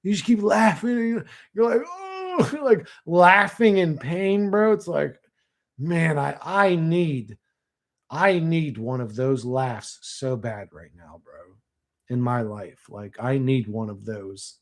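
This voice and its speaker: A man's voice: a little high, takes it slowly. A young man ranting crudely on a casual livestream, rambling and slangy, slipping into mocking impressions. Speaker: streamer answering chat. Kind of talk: profane casual livestream rant.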